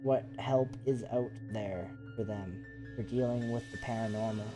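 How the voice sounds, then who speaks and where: A man who hosts a paranormal investigation channel, telling ghost stories in a casual live chat with excited, rambling talk full of fillers. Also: fairly low pitch, normal speed, over music. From Canada.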